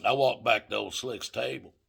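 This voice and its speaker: A man's voice: mid-range voice, moderate pace, creaky, a bit bright, breathy edge. An older man telling a rambling, profane story straight to his listeners, calling them folks. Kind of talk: casual anecdote told to viewers.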